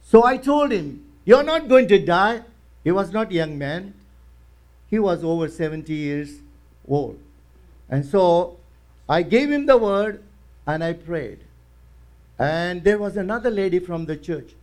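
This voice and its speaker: A man's voice: sits high, lively intonation, unhurried, pauses often, a little mellow. A male pastor preaching in church, telling a story with acted quotes and emphatic rises. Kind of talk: sermon.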